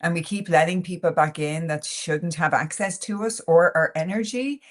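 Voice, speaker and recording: A woman's voice: on the low side, moderate pace. A woman with an Irish accent, a podcast guest who talks frankly and animatedly in a casual interview, full of "like" and "you know" fillers. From Ireland. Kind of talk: candid conversational interview.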